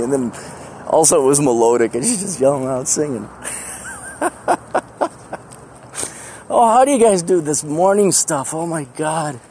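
A man's voice: fairly high pitch, sing-song, slow pace, long pauses, dark tone. Man, rambling walk-and-talk, chatty, self-deprecating, laughs a lot, faint street traffic behind. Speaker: podcast host. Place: outdoors on a street, walking to a bus.

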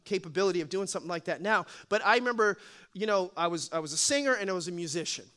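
A man preaching a sermon as pastor, telling stories with playful asides and acting out the lines of the people in them. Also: high-pitched. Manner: animated storytelling, acts out quotes, playful asides.

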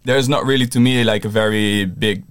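Low-voiced man searching for words. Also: fairly even intonation, a little fast, clean tone. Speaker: guest. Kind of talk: casual chat.

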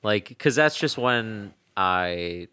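A man's voice: lowish voice, slow, clean tone, no echo. A young man co-hosting a casual podcast, his voice bouncing up and down with lots of laughter and swearing. The sound is dry and close with no room around it. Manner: laughs often, swears, self-conscious, lively. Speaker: podcast co-host. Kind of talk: casual chat.

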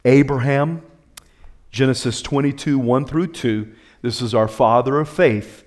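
A man preaching a sermon as pastor, swinging his pitch high and low and calling out to the congregation. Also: unhurried, a little mellow.

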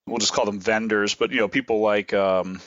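Podcast co-host, male, low voice, loose rambling delivery, dull dry recording. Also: fairly even intonation, a little fast, a bit bright, no echo. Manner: rambling, explanatory, many restarts. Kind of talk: casual podcast chat.

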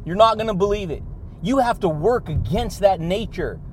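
Man, high voice, hyped motivational podcast host, laughs between lines, faint background hiss. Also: expressive, normal speed, a little mellow. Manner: hyped, laughs between phrases, calls listeners buddy and baby. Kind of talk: motivational monologue.

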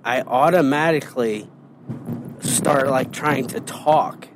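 A man's voice: medium pitch, slow, background noise. A man co-hosting a podcast in casual chat, joking crudely and laughing often. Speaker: podcast co-host.

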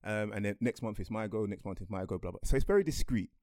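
A man's voice: on the low side, quick pace, a little mellow, dry recording. A young man co-hosting a podcast, talking through a topic in a loose, conversational way. He explains at length and laughs easily. The recording is close and dry, with no room sound. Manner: chatty and explanatory, laughs often. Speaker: podcast co-host. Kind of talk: casual chat.

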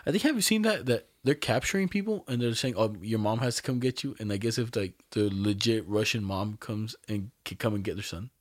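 A man's voice: lowish voice, fairly quick, few pauses, dry recording. Laid-back young man chatting. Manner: laid-back, laughing, slangy. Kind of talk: casual chat.

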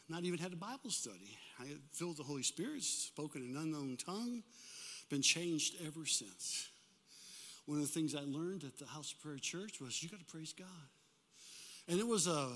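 An older man, a pastor, preaching a lively sermon to his congregation and calling for responses from them. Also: fairly high pitch. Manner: animated, call-and-response preaching. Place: church sanctuary. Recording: hall reverb.

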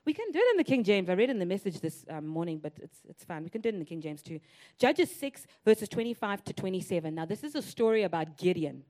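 A woman in her thirties preaching a sermon, telling stories in an animated way and rising to loud, emphatic declarations. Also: mid-range voice, fast.

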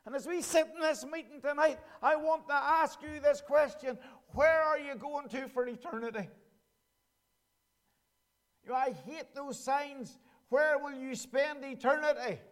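A man preaching a sermon as pastor, earnestly repeating his questions slowly for emphasis. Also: very high voice.

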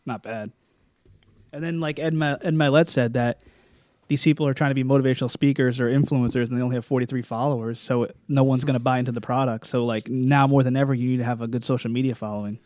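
A man's voice: mid-range voice, fast, dry recording, clean studio sound. A young man hosting a podcast, joking and bluntly telling stories while he asks his guest questions. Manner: joking, blunt, animated storytelling. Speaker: podcast host. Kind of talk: casual podcast chat.

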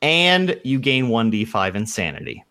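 A man's voice: mid-range voice, very animated, moderate pace, sharp tone. A young man running a tabletop game as game master, reading out rules casually and swearing now and then.

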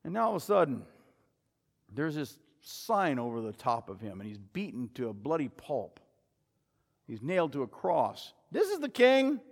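A man preaching a sermon as a pastor in a church, telling the story dramatically, acting out what the crowd shouted and asking the listeners pointed rhetorical questions. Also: medium pitch, sing-song, normal speed, vocal fry, big-room sound. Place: church sanctuary.

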